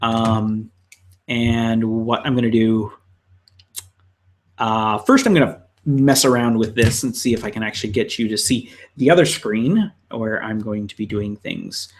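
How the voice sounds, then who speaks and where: A man's voice: fairly low pitch, measured pace. A man illustrator chatting casually on a live stream, rambling and talking to himself while he draws. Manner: rambling, self-talking, scattered fillers.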